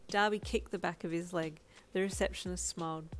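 Low-voiced woman reading a story. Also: steady tone, moderate pace, hardly any pauses. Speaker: fanfiction narrator. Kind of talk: audio story narration. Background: faint lo-fi background music.

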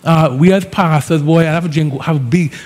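Lively Antiguan pastor in a reverberant hall. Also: male voice, fairly high pitch, a little fast. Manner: lively, conversational preaching with Caribbean phrasing. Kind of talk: sermon.

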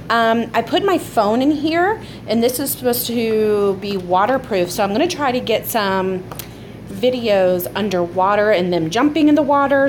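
A mother filming a casual family vlog at home, teasing playfully and laughing often. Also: mid-range voice. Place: at home, kitchen. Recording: home video with dishwasher noise.

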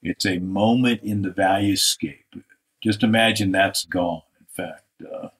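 A man with a deep, low-pitched voice walks through a live art critique. He thinks aloud as he draws, restarting his sentences as he goes. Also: steady tone, a little slow. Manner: thinking aloud, restarts, talks over drawing on screen. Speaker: art instructor.

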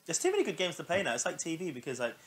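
A man co-hosting a podcast, chatting in a relaxed way and laughing often. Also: fairly high pitch, very fast. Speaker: podcast co-host. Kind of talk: casual chat.

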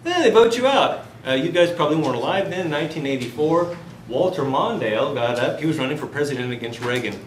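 A man's voice: fairly high pitch, lively intonation, fast. A man giving a university finance lecture, telling jokey stories and quizzing the class. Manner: joking, storytelling, asks the class questions. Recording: echoey classroom with faint hiss.

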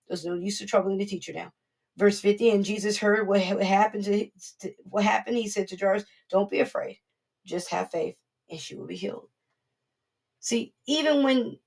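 A woman's voice: medium pitch, vocal fry, darkish tone, husky. A woman preaching a conversational sermon in an informal, earnest manner, acting out the voices she quotes as she goes. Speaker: prophetess preaching.

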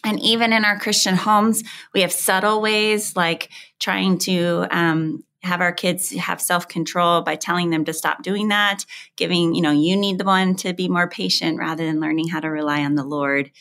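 A woman's voice: lowish voice, fairly even intonation, moderate pace, a bit bright. A woman hosting an interview, asking open questions in an encouraging, conversational way. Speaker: podcast host.

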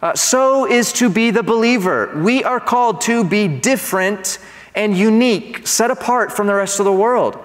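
Male pastor, bright upper register, animated teaching sermon, long hall reverb. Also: high-pitched, moderate pace. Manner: animated, asks the congregation to respond. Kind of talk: expository sermon. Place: church sanctuary.

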